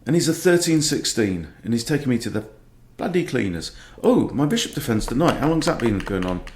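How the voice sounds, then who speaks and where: In an echoey room, a middle-aged chess coach sighs through self-mocking, exasperated live commentary on his own online games. His medium-pitched voice is sing-song, a little fast and a little mellow.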